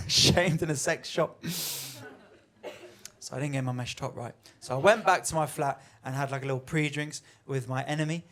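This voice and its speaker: Male stand-up, high-pitched, conversational delivery with acted-out asides. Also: normal speed. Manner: conversational, animated, acts out quoted voices. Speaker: stand-up comedian. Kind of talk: stand-up comedy set. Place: comedy venue with live audience.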